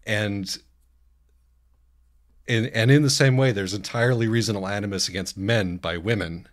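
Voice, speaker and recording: A man co-hosting a casual book podcast, wry and hesitant, with many pauses and restarts. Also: fairly low pitch. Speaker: podcast co-host. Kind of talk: casual book-discussion chat.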